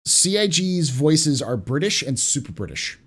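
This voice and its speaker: A man hosting a casual podcast, reading out audience questions and explaining things in a measured way. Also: fairly high pitch, very animated, slight background noise. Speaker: podcast host.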